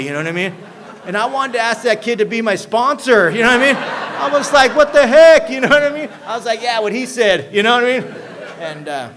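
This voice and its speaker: A man's voice: fairly high pitch, a little hiss or hum. A man telling his personal recovery story to an audience as a convention speaker, acting out the dialogue and often checking in with his listeners. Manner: animated storyteller who acts out dialogue and keeps asking "you know what I mean".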